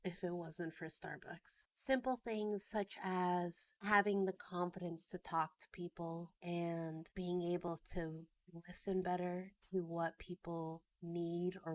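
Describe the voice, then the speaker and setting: A woman's voice: fairly low pitch, no echo. A woman in her thirties talking earnestly in a personal vlog, at times choked up with emotion. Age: 30s. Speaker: vlogger.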